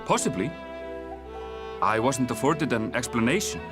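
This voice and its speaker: An actor playing a polite, measured male researcher who looks after creatures in a game. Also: mid-range voice, expressive, close to an everyday voice. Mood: calm. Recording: game voice with music behind.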